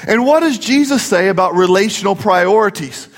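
A middle-aged man preaches with a high, light voice, mixing jokes and family stories into his sermon. His words ring out with a long hall reverb around them. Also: lively intonation, normal speed. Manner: jokey, storytelling preacher. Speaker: pastor.

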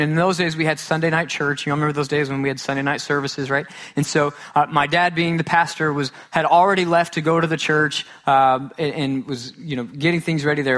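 A male pastor preaching to his congregation. He tells a story with playful self-mockery and acts out the quoted lines loudly. Then he drops to a quiet, earnest voice. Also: on the high side. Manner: storytelling with self-mocking humor, swings from loud to hushed. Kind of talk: sermon.

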